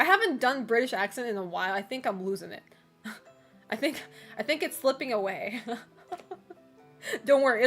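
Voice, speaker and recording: A woman with a slightly higher voice talking casually on her stream, leaning on "like" and "you know" and laughing often between remarks. Soft music plays low in the background. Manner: loose and chatty, full of "like" and "you know". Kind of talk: casual chat with a live chat.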